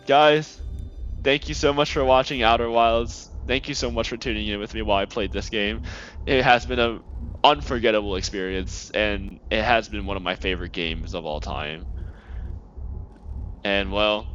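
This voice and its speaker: A young man doing emotional, excitable let's-play commentary on a game. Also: lowish voice, dull audio. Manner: excitable, emotional, gasping reactions. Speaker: game streamer.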